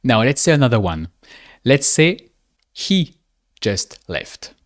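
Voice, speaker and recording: A man teaching spoken in a guided speaking lesson, patient and deliberate, drawing out each example phrase. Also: mid-range voice, big pitch swings. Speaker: French teacher.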